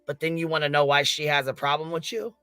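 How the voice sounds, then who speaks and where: A man's voice: fairly high pitch, level tone, fast talker, pushed and bright, smooth, no echo. A man giving heated, profanity-laced livestream commentary, ranting in disbelief. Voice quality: swears constantly, incredulous ranting.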